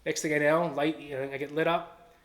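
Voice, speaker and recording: A man's voice: fairly high pitch, level tone, fairly quick, fairly bright tone. A man with a Philadelphia-area accent giving an earnest personal testimony and acting out quoted dialogue. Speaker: testimony speaker.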